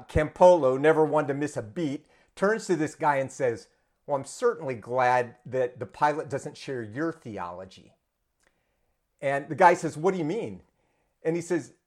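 A man preaching a sermon run as a quiz game for an online congregation, conversational with frequent fillers and restarts. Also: fairly high pitch. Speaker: pastor. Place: church congregation in Vancouver.

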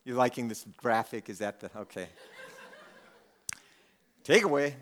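At a measured pace, a man with a medium-pitched, slightly bright voice preaches on a Bible passage conversationally. He reads the verses and then plays out the disciples' words with humor.

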